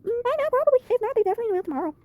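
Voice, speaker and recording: Woman doing a squeaky bubbly small-town girl. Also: big pitch swings, rapid-fire, no room sound, narrow, tinny audio. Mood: chirpy.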